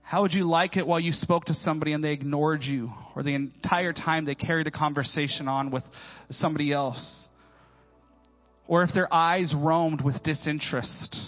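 A man in his forties preaching a sermon in a church, telling stories with playful, slangy asides and swinging from hushed to loud. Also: fairly high pitch. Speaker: pastor. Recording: dull lo-fi sound.

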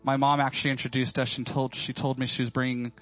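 Animated pastor man preaching. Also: medium pitch, quick pace, faint music behind. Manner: animated storytelling, swinging from hushed to loud; playful, slangy asides. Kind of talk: sermon. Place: church. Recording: dull lo-fi sound.

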